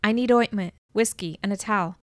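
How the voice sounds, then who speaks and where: A woman voicing a brisk man tending a wound, giving short commands in a storybook reading. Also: medium pitch, fairly bright tone, no echo, clean studio sound, lightly acted.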